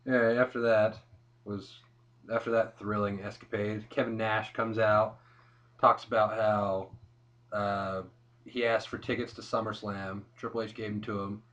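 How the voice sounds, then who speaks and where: A man's voice: on the low side, level tone, unhurried, fairly bright tone, highs cut off. Laid-back young man recapping wrestling. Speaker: co-host of a wrestling review show. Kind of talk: casual chat.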